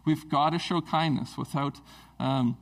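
Male preacher, slightly high voice with some fry, conversational and earnest sermon delivery. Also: fairly even intonation, measured pace, rough recording. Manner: casual, earnest, with fillers and restarts.

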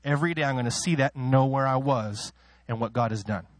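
A man preaching a sermon, emotional in delivery, moving between soft personal asides and loud, soaring declarations, with self-deprecating laughs. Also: fast, dry recording. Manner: emotional, swings from soft asides to loud high-pitched exclaiming; laughs at himself between points.

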